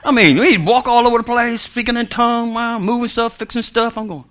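A man's voice: very high voice, a little fast, fairly bright tone. A male minister preaching with humor, laughing often, acting out voices in his stories and calling out amen and come on.

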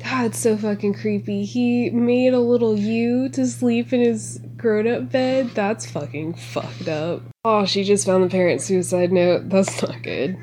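A woman talking casually as a podcast host, reacting excitedly and sarcastically to a movie with lots of swearing. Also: medium pitch, a little slow, few pauses, slight background noise.

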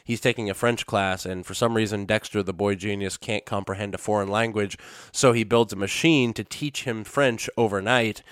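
A man's voice: lowish voice, steady tone, normal speed, fairly bright tone, clear, resonant tone, no echo, studio quality. A man hosting his own podcast, talking casually and sarcastically in a rambling way, with sudden silly outbursts. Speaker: podcast host. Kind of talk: casual solo commentary.

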